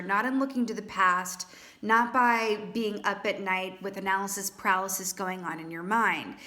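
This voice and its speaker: A woman's voice: medium pitch, sharp tone. Woman tarot reader, casual and playful, talks straight to the viewer with lots of asides. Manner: chatty, playful, with frequent "right?" asides. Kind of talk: casual tarot reading monologue.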